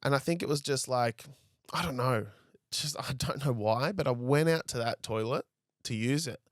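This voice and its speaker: A man's voice: medium pitch, moderate pace, dry recording, clean studio sound. A young man, telling a story as a podcast guest in a casual, rambling way. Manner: rambling, frequent "like" and "I was like".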